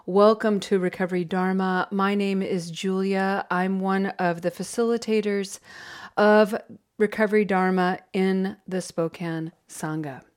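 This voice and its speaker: A woman facilitating a recovery group, giving a gentle, reflective guided meditation talk. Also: mid-range voice, fairly even intonation, unhurried, clear, resonant tone.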